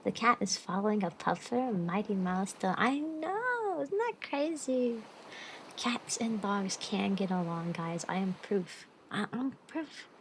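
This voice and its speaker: A woman's voice: mid-range voice, animated, a little slow, slight background noise, low-quality recording. A woman streamer chatting casually and bubbly with her live chat, greeting viewers and giggling often.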